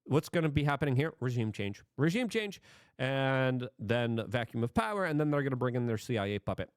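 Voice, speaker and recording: A man's voice: medium pitch, big pitch swings, a little fast, clear, resonant tone, dry recording, clean studio sound. A man hosting political commentary, talking emphatically and firing off rhetorical questions.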